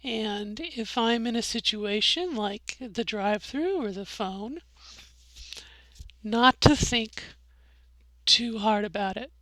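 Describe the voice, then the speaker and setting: Speaking slowly with frequent pauses, a middle-aged woman vlogs about her voice training, rambling, self-correcting and demonstrating as she talks. Her voice is on the high side and fairly bright, and the casual video diary has no echo.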